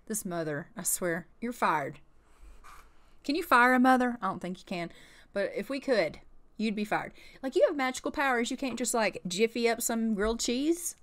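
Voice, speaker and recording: A woman's voice: on the high side, lively intonation, moderate pace, fairly bright tone. A woman hosting a gaming channel, giving casual gameplay commentary with sassy, exasperated banter and swearing.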